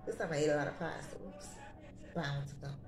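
A woman's voice: deep voice, steady tone, fast, roomy sound, music in the background. A young woman vlogging in casual, sassy, slang-heavy chat.

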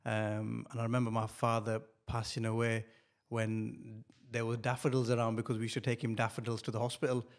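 A middle-aged man, telling a personal story as a podcast guest, halting and repeating words with many fillers. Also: mid-range voice, monotone. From northern England.

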